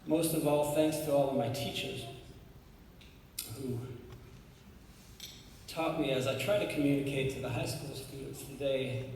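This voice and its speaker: A man with a Southern Arkansas accent, from Arkansas, giving an unhurried award acceptance speech with pauses and fillers. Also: mid-range voice, noisy background. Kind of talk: warm acceptance speech with anecdotes. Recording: echoey hall, from far off.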